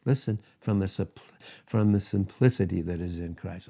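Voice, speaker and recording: A man preaching a sermon in an animated way, reading scripture aloud with laughs between points. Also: low-pitched, moderate pace, gravelly, husky. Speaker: pastor.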